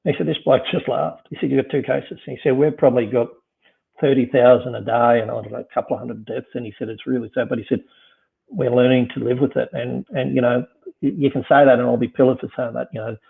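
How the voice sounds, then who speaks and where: A middle-aged man talks casually and circles his points with endless fillers. His voice has a gravelly fry at its base. It sounds squeezed through a narrow, phone-like line. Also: medium pitch, steady tone, quick pace. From Australia. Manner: rambling, many "you know" fillers and restarts. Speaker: business leader guest. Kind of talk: casual conversation.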